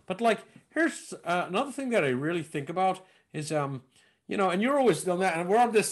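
High-voiced and fast-talking, this stand-up comedian chats casually as a podcast guest. He tells lively stories and acts out the voices of others through impressions.

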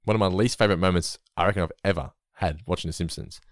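A man co-hosting a podcast, chatting casually and getting animated, swearing when he's worked up. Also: sits low, quick pace, no room sound, clean studio sound. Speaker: podcast co-host. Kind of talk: casual chat recapping an episode.

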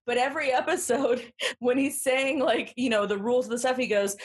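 A woman's voice: high voice, fairly quick. A woman co-hosting a podcast in casual chat, telling stories with lots of fillers and laughter. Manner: giggly, animated storyteller with lots of fillers. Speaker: podcast co-host.

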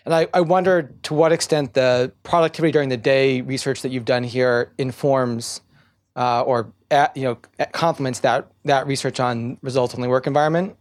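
A man in the audience, friendly and joking, asks a long, halting question while losing his voice a little. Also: mid-range voice, steady tone. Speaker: audience member asking a question.

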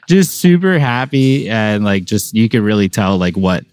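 Here is a young man with a very low voice, recorded close and dry with no room sound. He is a podcast guest who tells his stories with lots of energy and laughs often as he talks. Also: measured pace, no echo. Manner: animated storyteller, laughs often. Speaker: pro drift driver, podcast guest. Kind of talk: casual interview chat.

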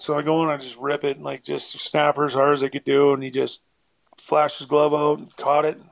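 A man's voice: a little high, little pitch movement, fairly quick, creaky, dry recording. A man, a former hockey player, telling rambling stories in a casual interview, full of fillers and acted-out quotes.

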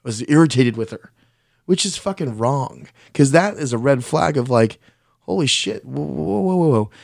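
A blunt, foul-mouthed man spins a personal story in a loose, conversational way, stumbling and restarting as he goes. His voice sits at an ordinary mid pitch. The sound is close and dry, with no room around it. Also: gravelly, a little mellow, no echo. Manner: blunt, profane, self-deprecating, restarts often; speaks his mind plainly. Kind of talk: casual spoken storytelling.

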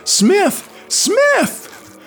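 Frantic spaceman, very high and strained, urgent hissing whisper-shouts, audio drama reading. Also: wildly swooping pitch, extremely slow, full character voice. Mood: desperate. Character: desperate young male spacefarer calling his friend.

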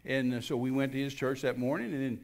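He's an older Texan guest minister whose medium-pitched, creaky voice moves fast. Recounting a personal testimony in homespun fashion, he acts out what was said, animatedly quoting the dialogue and starting over again and again.

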